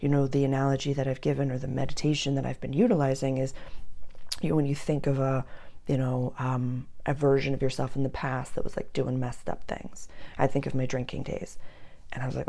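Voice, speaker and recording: A woman's voice: low-pitched, steady tone, fairly quick, gravelly, mellow. A woman giving an earnest spiritual astrology talk to her listeners. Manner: earnest, drops to a whisper for emphasis.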